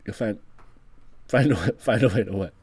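A man's voice: on the low side, moderate pace, darkish tone, lightly acted. A man improvising a scheming casino boss in a tabletop role-play, talking bluntly in rambling bursts with self-mocking asides. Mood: bossy.

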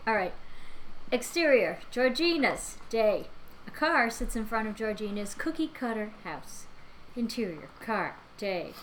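A woman co-host, giggly and animated, who chats casually and reads the stage directions of a comedy script. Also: a little high, unhurried, slight background noise, poor audio. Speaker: podcast co-host reading directions. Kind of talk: casual chat and script reading.

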